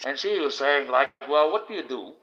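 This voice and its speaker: On his livestream, an Australian man rants bluntly and profanely, sounding indignant, his mid-range voice pushed and bright. He keeps a moderate pace with lively intonation, and the audio is dull and lo-fi.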